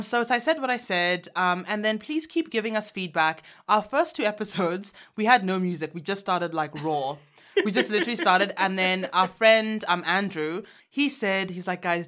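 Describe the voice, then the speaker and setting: A woman from Uganda co-hosting a podcast in casual chat, animated and frank, laughing often and using slang. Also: medium pitch. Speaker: podcast co-host.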